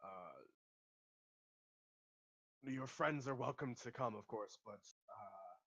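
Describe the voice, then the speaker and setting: A man voicing a cautious, conflicted father who speaks haltingly. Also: lowish voice, a bit bright, breathy edge, heavily acted. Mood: hesitant. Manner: hesitant, halting. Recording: dull lo-fi recording.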